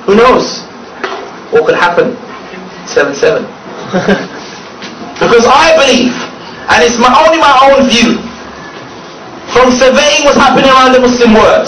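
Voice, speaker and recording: A man preaches to a crowd in a high voice, with a mocking edge and frequent laughter. He is recorded from a distance, his voice bouncing around an echoey space. Steady noise sits under the whole recording. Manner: mocking, laughs often while speaking. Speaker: preacher addressing an audience. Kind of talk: public speech.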